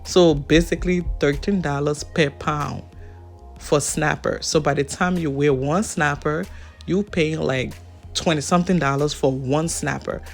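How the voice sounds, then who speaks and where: A woman's voice: sits low, fairly even intonation, unhurried, soft background music. Chatty African-accented woman vlogger. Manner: chatty, laughs often, talks straight to the viewer. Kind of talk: casual vlog chat.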